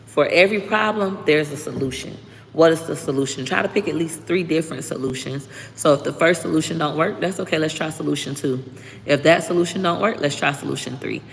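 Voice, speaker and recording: A woman, hosting a livestream and giving frank, profane, lively life advice. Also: low voice, fairly quick, creaky. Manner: frank, profane, animated storytelling. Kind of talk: casual livestream chat. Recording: long reverb, faint background noise.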